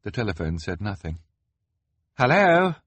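A man narrating an audiobook in a measured, expressive storytelling manner. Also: low-pitched, husky, no echo.

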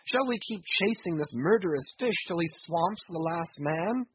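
A man's voice: fairly high pitch, animated, moderate pace, lo-fi sound, slight background noise, lightly acted. Starbuck, a man playing a desperate, pleading first mate. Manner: impassioned pleading, rhetorical questions. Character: pleading male ship's mate, devout, desperate.

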